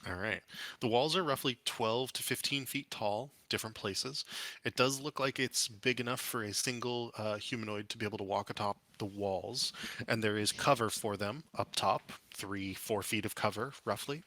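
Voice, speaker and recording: Bright-voiced man running a tabletop game. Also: lowish voice, normal speed, no echo. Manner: descriptive, hesitant with fillers. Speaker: dungeon master.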